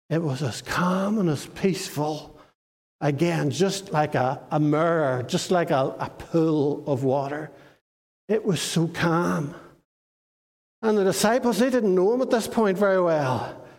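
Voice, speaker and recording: A man giving a children's sermon in lively storytelling and putting questions to the children. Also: on the high side, slow, pauses often, long reverb tail. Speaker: minister.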